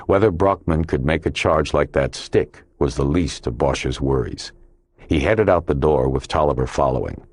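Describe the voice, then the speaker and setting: A man narrating a crime novel audiobook in a measured, even storytelling manner. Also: rumbling low, no room sound. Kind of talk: scripted narration.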